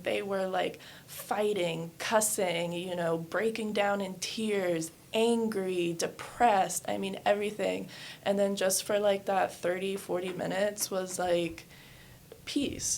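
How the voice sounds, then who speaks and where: A woman's voice: mid-range voice, slight background noise. A woman in her thirties, a yoga studio owner, telling her life story candidly in a casual interview, with many fillers. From New Hampshire and West Virginia.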